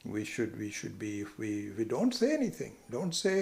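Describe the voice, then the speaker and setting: A man giving a conversational lecture on scripture, who now and then jumps into a much higher voice when acting out what other people say. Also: wildly swooping pitch, moderate pace, vocal fry, a little mellow, echoey room. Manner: conversational, acts out quoted people with sudden high pitch. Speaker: spiritual teacher.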